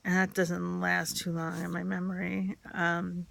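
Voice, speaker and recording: A woman's voice: fairly low pitch, completely flat delivery, unhurried, vocal fry, fairly bright tone, no echo. A woman telling a candid personal story, rambling and filled with "like" and "um".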